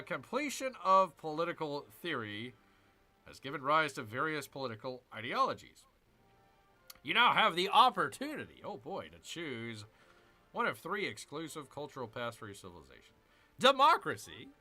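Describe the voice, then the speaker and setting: Bright, lively man grumbling through a game. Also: fairly high pitch, moderate pace, soft background music. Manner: jokey, grumbling, mock growls. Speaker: gaming channel host. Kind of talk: casual strategy game commentary.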